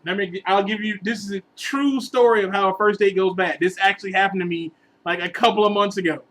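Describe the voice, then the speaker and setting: A man telling a long, rambling relationship story in a casual vlog, animated and sometimes bursting into exasperated outbursts. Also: sits high, fast, low-quality recording. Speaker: vlogger giving relationship advice.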